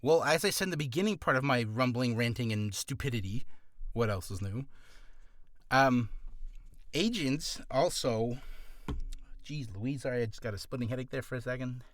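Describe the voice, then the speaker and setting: A man's voice: mid-range voice, moderate pace, long pauses, no echo, clean studio sound. A man who is a voice actor, giving casual advice in a rambling, self-deprecating, jokey vlog.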